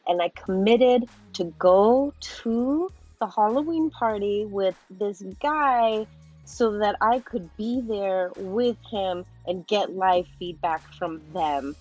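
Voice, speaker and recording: A young woman in her twenties, a podcast guest telling a story in a casual, animated way with frequent laughs. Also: medium pitch, slow pace, dull audio, soft background music. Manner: animated, laughing often, swearing.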